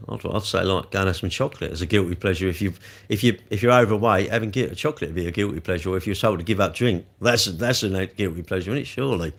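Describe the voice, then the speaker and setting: A man's voice: low-pitched, gravelly. A man chatting casually on a live stream, answering comments and telling off trolls. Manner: chatty and rambling, scolding trolls with rising heat. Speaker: livestreamer answering chat comments.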